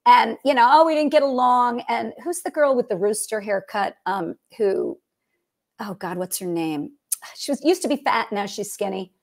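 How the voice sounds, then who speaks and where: A woman's voice: mid-range voice, expressive, normal speed, vocal fry, a little mellow. A middle-aged woman, a guest comedian, telling rambling stories on a casual podcast and acting out the quotes of the people in them. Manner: rambling storyteller who acts out quotes.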